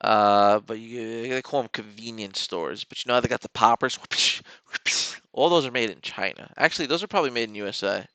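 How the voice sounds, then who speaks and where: A man's voice: medium pitch, a little fast, fairly bright tone, smooth, dry recording. A man hosting a live stock trading stream, rambling and joking in casual commentary. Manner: joking, rambling, talks to the chart. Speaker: stock trading livestream host.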